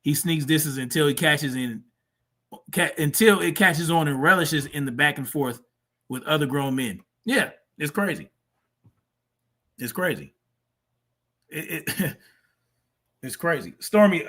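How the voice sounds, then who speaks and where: A man's voice: fairly high pitch, expressive, a little slow, long pauses, a bit bright. A man hosting a live stream, reacting to clips with blunt, profane, mocking commentary. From family from Mississippi. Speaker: streamer host.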